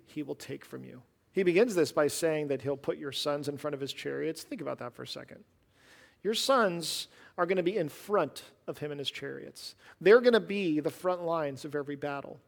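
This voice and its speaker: A man's voice: a little high, creaky, long reverb tail. A man preaching a sermon as a pastor, reading scripture with rising emphasis, then explaining it conversationally and with dry sarcasm.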